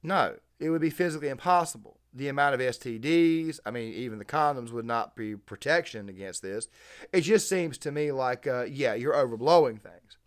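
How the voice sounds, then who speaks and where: A man's voice: medium pitch, expressive, moderate pace. A man hosting a reaction commentary, talking emphatically and wordily and repeating his phrases. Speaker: channel host.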